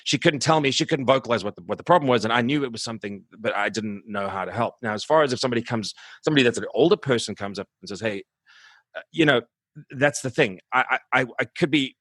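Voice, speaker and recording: A man in his forties speaks in a subdued, reflective way, often stopping and restarting mid-sentence. His voice sits at an ordinary middle pitch. The sound is dry and close, with no room echo. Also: fast talker, a bit bright. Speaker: musician guest. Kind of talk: candid interview conversation.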